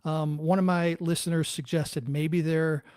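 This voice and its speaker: A man hosting an interview, talking haltingly and searching for words, with many restarts. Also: on the high side, little pitch movement, a little mellow, smooth, no room sound, studio quality. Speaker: podcast host. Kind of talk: casual interview talk.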